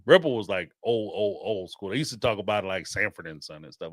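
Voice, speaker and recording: A middle-aged man hosts a casual podcast chat, telling rambling stories and laughing often. His pitch swings widely as he talks. The recording is dry, with almost no room sound. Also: brisk, no room sound. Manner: laughing, rambling, animated storytelling. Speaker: podcast host.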